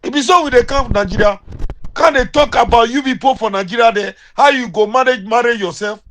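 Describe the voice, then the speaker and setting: A young man with a Ghanaian accent speaks in Pidgin English in a heated, confrontational rant. His voice sits high for a man. He jabs his points out like a voice message to a rival. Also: a little fast, a bit bright, a little hiss or hum. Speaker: caller sending a voice message.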